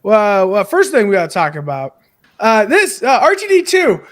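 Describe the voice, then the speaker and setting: Excitable man co-hosting, animated voice. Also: sits high, moderate pace. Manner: excitable, swears, laughs a lot. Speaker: podcast co-host. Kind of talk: casual podcast chat.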